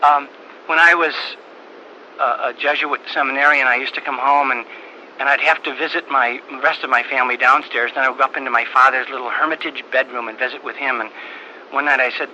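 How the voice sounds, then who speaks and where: An older man, a priest, telling a personal story in a halting, earnest way with frequent repeated words. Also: mid-range voice, steady tone, sharp tone, muffled recording. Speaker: priest giving a talk. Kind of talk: storytelling talk. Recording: old tape recording with faint hiss.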